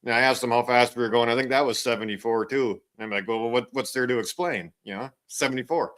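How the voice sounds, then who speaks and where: A man's voice: mid-range voice, fast talker, a bit bright. A man in casual chat, adding short, dry, laid-back remarks.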